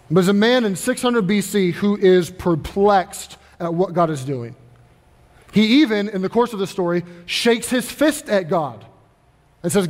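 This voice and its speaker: A man's voice: high-pitched, long reverb tail. A male pastor preaching a sermon to his congregation in an earnest, conversational way, often repeating his phrases. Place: church sanctuary.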